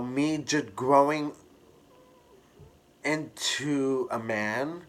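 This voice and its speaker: Slow-talking man telling a personal story. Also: medium pitch. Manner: candid, expressive, drawn-out storytelling with fillers. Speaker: hairstylist vlogger.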